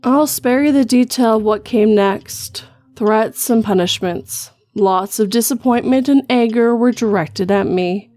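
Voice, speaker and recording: Slow, dry-voiced woman reading horror. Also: a little high, a little mellow, no room sound. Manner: measured first-person storytelling. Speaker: horror story reader. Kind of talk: scripted horror narration.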